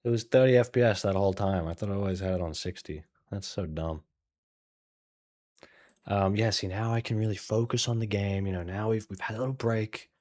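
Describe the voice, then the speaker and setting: A man with a lowish voice talking casually into a desk mic as he plays. He rambles, mutters asides and pokes fun at himself, often trailing off quietly. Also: a little fast. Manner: rambling, self-deprecating, mumbly asides. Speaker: gaming channel host. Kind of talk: casual gameplay commentary. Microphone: desk mic with webcam.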